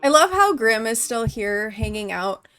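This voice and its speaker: A woman's voice: on the high side, big pitch swings, a little slow, pushed and bright, smooth. A woman hosting a game video, chatting casually and explaining each step aloud as she plays. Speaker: gaming channel host. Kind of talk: let's-play commentary.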